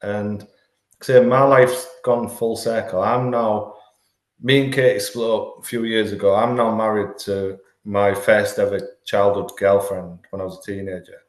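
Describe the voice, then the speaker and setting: Speaking a little slowly in a fairly low, steady voice, a man in his forties talks candidly as a podcast guest. He's a life coach, earnest in the conversational interview, and he repeats words whenever he restarts a thought, with a roomy echo around him.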